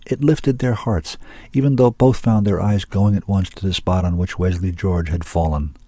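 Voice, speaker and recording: Deep-voiced male audiobook narrator. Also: fairly even intonation, normal speed, dark tone, dry recording.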